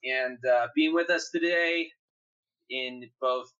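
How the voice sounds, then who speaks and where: A man's voice: mid-range voice, slow, sharp tone, clean tone, lo-fi sound. A man co-hosting a podcast in casual, playful banter that sometimes jumps into silly voices. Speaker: podcast co-host.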